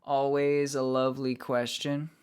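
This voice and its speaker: Man, streamer, casual chat, relaxed, mid pitch, smooth clear voice. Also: measured pace. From United States. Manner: relaxed, reads out and greets chat.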